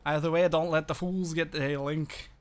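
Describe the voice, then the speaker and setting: A man's voice: fairly high pitch, fairly even intonation, moderate pace, natural voice. A man reading as a kind young woman. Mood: encouraging.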